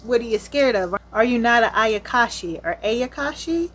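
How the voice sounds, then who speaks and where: A woman's voice: fairly high pitch, animated, moderate pace, fairly bright tone. A woman playing an aloof young exorcist. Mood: dismissive.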